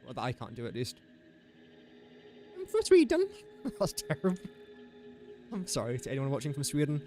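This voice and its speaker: Medium in pitch and somewhat dark in tone, an Englishman's voice carries casual chat on a gaming live stream. He reasons through calculations aloud and banters with the people watching.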